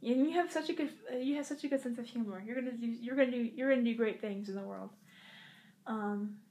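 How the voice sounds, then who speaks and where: A young woman vlogging from a hotel room, speaking in a halting, earnest way with many pauses and restarts. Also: a little high, a little mellow. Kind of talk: casual heartfelt address to camera.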